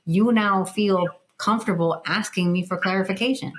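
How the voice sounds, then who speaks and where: A woman talking as a guest in a casual interview, explaining her points in an animated, emphatic way with plenty of "like". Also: medium pitch, moderate pace, poor audio. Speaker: guest, communication educator.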